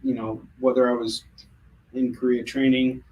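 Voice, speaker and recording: An American man hosting a livestream, selling comics and chatting casually in an animated, jokey way with many fillers and restarts. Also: medium pitch, moderate pace, lo-fi sound, noisy background.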